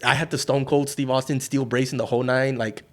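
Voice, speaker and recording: A middle-aged man from South Texas sits as a guest and tells his stories loosely. He swears freely, shifts into the voices of the people he quotes, and keeps his everyday voice at a medium pitch. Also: brisk. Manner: profane, animated, acts out quoted voices. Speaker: wrestler and guest. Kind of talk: casual storytelling interview.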